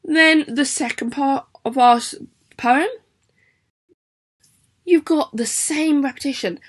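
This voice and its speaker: A woman's voice: high voice, slow, long pauses. A young woman, a primary school teacher giving a chatty, encouraging video lesson to children. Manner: chatty, encouraging, sing-song questions to pupils.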